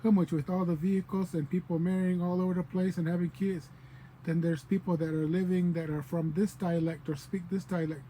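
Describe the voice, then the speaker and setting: A man teaches in an unhurried, casual way, saying example words over and over to make a point. His voice sits a bit high yet stays mellow and relaxed. A faint hiss of background noise runs under the recording. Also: low-quality recording. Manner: explains patiently, repeats example words. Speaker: language teacher. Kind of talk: casual spoken language lesson.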